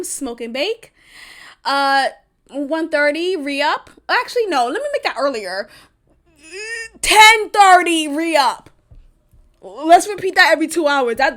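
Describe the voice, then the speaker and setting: A woman's voice: very high-pitched, a bit bright. A woman hosting a podcast, talking casually and bluntly about her own life, swearing freely and laughing often. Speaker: podcast host. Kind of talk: casual venting monologue.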